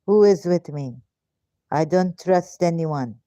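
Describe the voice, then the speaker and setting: A frustrated, confrontational woman rants at her viewers in a mellow, somewhat low voice. She speaks slowly and deliberately. The sound is close and dry. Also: no echo, lo-fi sound. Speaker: vlogger. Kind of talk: ranting monologue to camera.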